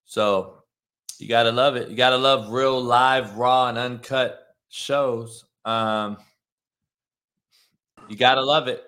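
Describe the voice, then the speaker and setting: A man hosting a casual sports talk show over a remote call, loud and excitable, swearing freely as he rants. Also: medium pitch, takes it slowly, long pauses. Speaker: podcast host. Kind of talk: casual profane sports chat.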